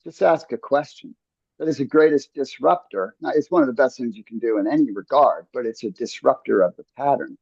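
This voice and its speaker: A man's voice: medium pitch, a little fast, gravelly, a little mellow, breathy edge, no room sound, muffled recording. A man talking earnestly in a casual podcast conversation, coaching listeners with frequent restarts and asides. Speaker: podcast host.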